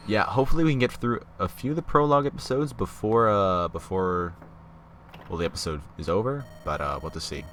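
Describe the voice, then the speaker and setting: A man's voice: on the low side, brisk, fairly bright tone, slight background noise. A young man in his late teens chatting through a game and reading its text aloud, joking about himself and laughing often. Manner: giggly, self-deprecating. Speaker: let's play host. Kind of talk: casual gameplay commentary. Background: game music.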